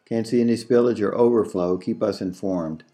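A man voicing a brisk station operator in a storybook reading, giving quick, flat replies. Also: lowish voice, close to an everyday voice.

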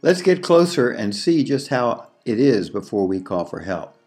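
A man voicing a cautious male explorer in a storybook reading, in a plain, slightly lowered delivery. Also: sing-song, normal speed, a little mellow, soft background music, close to an everyday voice. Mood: wary.

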